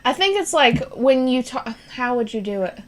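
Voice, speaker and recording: A woman co-hosting a casual gaming stream, playful and quick to laugh. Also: on the high side, expressive, crowd noise. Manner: giggly, playful. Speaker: co-host.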